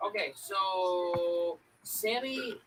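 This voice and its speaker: A person chatting casually with the host and making quick, offhand remarks from the side. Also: medium pitch, distant mic, background noise. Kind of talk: casual chat.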